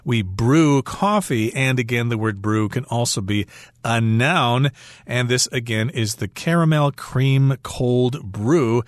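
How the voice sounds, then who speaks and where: A man's voice: medium pitch, lively intonation, measured pace, no echo, studio quality. A man co-hosting an English lesson on the radio, explaining phrases with everyday examples. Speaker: English teacher co-host.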